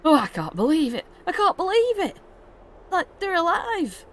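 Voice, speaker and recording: A man's voice: on the high side, animated, moderate pace, a bit bright, a little hiss or hum. A woman voicing a timid, doting father who frets and gushes over his children in a tabletop game. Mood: overjoyed. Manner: gushing and fretful. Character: timid, doting middle-aged human father.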